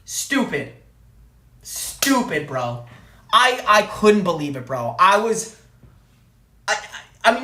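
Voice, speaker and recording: A woman's voice: mid-range voice, sing-song, slow pace, pauses often, pushed and bright, reverberant. A woman streamer telling a story in an angry, profane rant, repeating phrases for emphasis. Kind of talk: ranting live-stream story.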